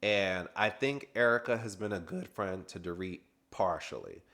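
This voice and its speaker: A man's voice: low-pitched, moderate pace, a bit bright. A man giving a casual, sassy recap review of a reality TV reunion, chatting and laughing as he goes.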